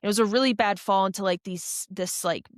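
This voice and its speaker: A young woman recounts a race in a loose, chatty way, stumbling over restarts and fillers as she goes. Her voice sits at an ordinary middle pitch, and the sound is dry, with almost no room in it. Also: a little fast, dry recording. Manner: animated, rambling storytelling with many fillers and restarts. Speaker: podcast guest, ultra runner. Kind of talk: casual storytelling interview.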